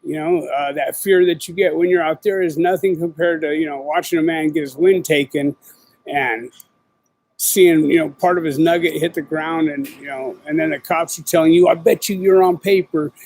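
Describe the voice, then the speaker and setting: A man's voice: a little high, steady tone, normal speed, a little mellow, poor audio. A middle-aged man hosting his own show, talking casually and rambling in profane street slang with lots of fillers. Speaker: podcast host. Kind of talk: casual livestream chat.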